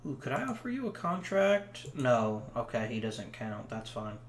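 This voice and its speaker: A medium-pitched male voice with big swings in pitch comes at a normal speed, with a roomy sound and a faint hiss or hum. He's a let's play commentator casually rambling over a hockey management game, full of ums.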